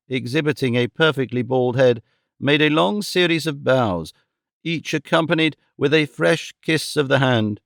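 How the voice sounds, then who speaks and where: A man narrating a classic novel as an audiobook in a measured, even storytelling manner. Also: a little high, gravelly, dry recording, clean studio sound. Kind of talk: scripted narration.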